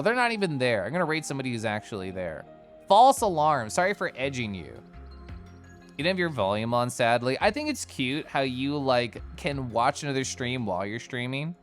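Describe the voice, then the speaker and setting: A man's voice: mid-range voice, a bit bright. A man livestreaming and chatting casually with his viewers, playful and teasing, often giggling. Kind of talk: casual chat with stream viewers.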